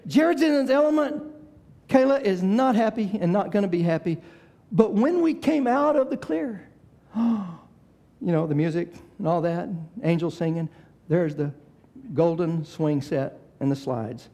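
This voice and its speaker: An older man with a high voice delivers a sermon. He climbs into shouted, fervent appeals, then eases down into soft, conversational stories about his family. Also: lively intonation, unhurried, gravelly. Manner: preaching that swells to shouting, then drops into soft storytelling. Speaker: pastor. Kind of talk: sermon with storytelling.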